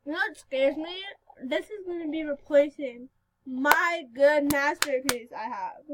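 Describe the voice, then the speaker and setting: A female speaker giving casual gameplay commentary, giggly and excitable, breaking into sudden loud outbursts. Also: high voice, measured pace, slight background noise, rough recording. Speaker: gaming video host.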